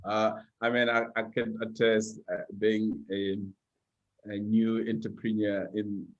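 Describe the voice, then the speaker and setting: A man's voice: on the low side, monotone, a little slow, muffled recording. A man hosting a podcast interview, affirming his guest and asking questions with frequent fillers. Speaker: podcast host.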